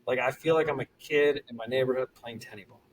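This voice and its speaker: A middle-aged man, a former pro pitcher, telling stories casually as a podcast guest and acting out the people he quotes. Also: fast talker, slight background noise, poor audio. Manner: animated, acts out quoted voices. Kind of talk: casual storytelling.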